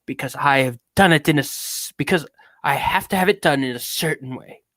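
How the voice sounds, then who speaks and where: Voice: medium pitch, fairly quick, fairly bright tone, no echo, close to an everyday voice. A streamer putting on an affected British accent to read out an anguished man's confession with theatrical grandeur. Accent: put-on British. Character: grandiose anguished man reading his own confession. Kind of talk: dramatic reading of a text.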